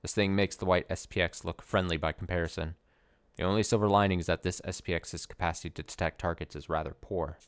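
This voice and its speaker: Low-voiced guy reading out a game's text, steady and plain. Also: quick pace, smooth, no echo. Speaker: let's play narrator. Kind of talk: reading game text aloud.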